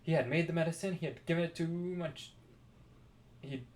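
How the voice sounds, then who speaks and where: A man reading a children's book aloud, expressive with dramatic pauses. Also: fairly high pitch. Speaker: storybook reader.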